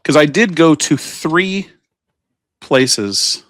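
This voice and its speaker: A man's voice: on the high side, lively intonation, drawn-out words, fairly bright tone, no room sound. A man co-hosting a podcast, talking in a loose rambling way full of fillers and tangents. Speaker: podcast co-host. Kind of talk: casual chat.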